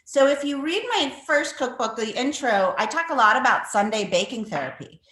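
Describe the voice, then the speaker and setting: A woman's voice: on the high side, expressive, normal speed, a bit bright. Brief: middle-aged woman guest, chatty and rambling, echoey room on a video call. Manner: rambling, chatty, many fillers. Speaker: cookbook author guest. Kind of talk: conversational interview answers.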